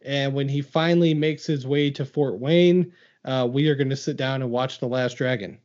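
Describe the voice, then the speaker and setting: A man's voice: mid-range voice, normal speed, a little mellow. A man hosting a podcast in casual chat, upbeat and laughing often, with many filler words. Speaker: podcast host. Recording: dull lo-fi sound.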